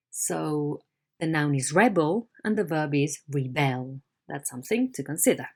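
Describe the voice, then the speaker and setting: A deep-voiced woman teaches English in a recorded online lesson, patiently explaining words and checking in with her students.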